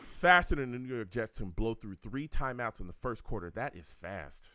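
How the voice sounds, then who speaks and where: A man's voice: medium pitch, lively intonation, moderate pace, heavy background noise. A man hosting a sports call-in show, ranting in a heated, exasperated way and repeating himself. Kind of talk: live sports call-in radio rant.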